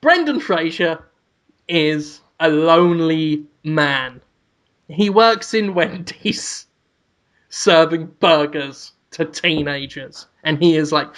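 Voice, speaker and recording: A man's voice: on the high side, a bit bright. A man co-hosting a podcast, rambling through a comic story with giggles and off-the-cuff asides. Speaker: podcast co-host.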